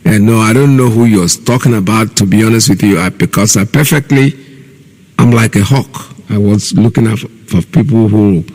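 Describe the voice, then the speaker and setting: Nigerian male radio host, middle-aged, low gravelly voice, earnest and repetitive. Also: normal speed, a little mellow. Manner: earnest, explaining at length with repeated phrases. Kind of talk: call-in radio talk.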